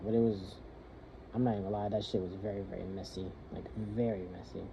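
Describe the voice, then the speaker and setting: Young man venting, halting and rambling. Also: fairly low pitch, steady tone, vocal fry. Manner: rambling, halting, swears freely. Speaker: soldier venting. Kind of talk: personal venting monologue. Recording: muffled lo-fi with faint hiss.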